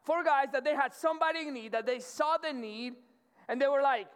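A man's voice: very high-pitched, brisk, fairly bright tone. A man preaching a casual sermon to college students, talking in a loose, slangy way with lots of restarts and a habit of asking "right?" to the crowd. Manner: conversational and slangy, with many restarts and repeated "right?". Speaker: pastor. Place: church auditorium. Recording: long reverb of a large hall.

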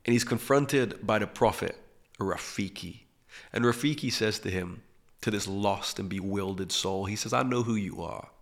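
Man, spiritual teaching talk, reflective, gravelly, low-pitched. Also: fairly even intonation, normal speed. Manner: reflective, dropping to hushed emphasis. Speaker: podcast host.

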